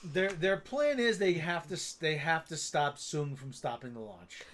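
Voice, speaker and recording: Mid-pitched co-host with dry jokes. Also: animated, moderate pace, a crowd in the background. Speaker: co-host of a show recap stream. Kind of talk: casual chat.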